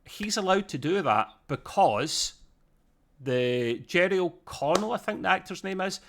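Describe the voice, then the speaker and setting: A man's voice: high-pitched, expressive, measured pace, fairly bright tone, slight background noise. A man co-hosting a podcast, talking through a review in a casual, rambling way that often digresses. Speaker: podcast co-host.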